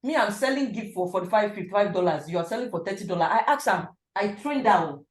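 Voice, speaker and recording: A woman teaching a sublimation printing class, animated and emphatic, sometimes dropping to a hush. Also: quick pace. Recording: echoey classroom, low-quality mic.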